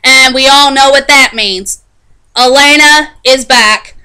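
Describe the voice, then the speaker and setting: A woman casually recapping a TV episode in a chatty, animated way, often restarting her sentences. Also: high-pitched, takes it slowly, clean tone, low-quality recording. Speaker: TV show reviewer.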